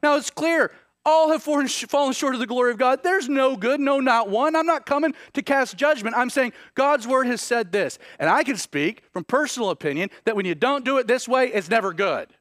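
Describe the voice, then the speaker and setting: A man in his thirties preaching with a high, very lively voice that leaps up for emphasis and drops low when he tells a story. The sound is close and dry, with no room echo. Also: brisk. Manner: animated, swings from loud emphatic points to hushed storytelling. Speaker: pastor. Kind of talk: sermon.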